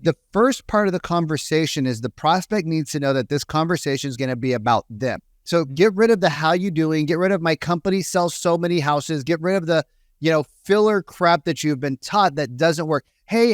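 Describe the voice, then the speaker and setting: Animated sales coach, quick and punchy. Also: male voice, on the high side, no room sound, clean studio sound. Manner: animated, acts out phone calls in quick voices. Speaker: sales coach, podcast co-host. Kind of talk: energetic coaching talk with acted-out quotes.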